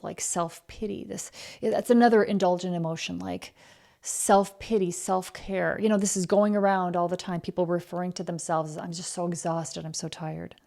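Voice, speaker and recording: A woman's voice: on the low side, darkish tone. A woman hosting a podcast, giving a blunt, emphatic motivational talk about excuses and being busy. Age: adult, married. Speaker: podcast host.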